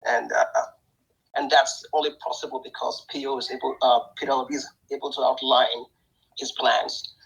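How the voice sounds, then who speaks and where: Hesitant man with a husky voice. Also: mid-range voice, little pitch movement, moderate pace, fairly bright tone, muffled recording. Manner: hesitant, many fillers, thinking aloud. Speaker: caller. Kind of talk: casual discussion.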